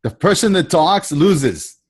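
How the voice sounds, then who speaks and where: A man's voice: a little high, very animated, takes it slowly, husky. A man coaching a sales trainee on a video call, talking in a casual, repetitive way and acting out the lines he quotes.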